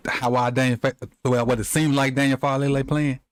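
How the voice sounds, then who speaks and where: A male host runs a call-in show in a relaxed, joking manner. His voice is middle pitched, and the sound is dry and close with no room around it. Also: a little fast, clean tone, no room sound. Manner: laid-back, joking. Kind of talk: casual call-in show hosting.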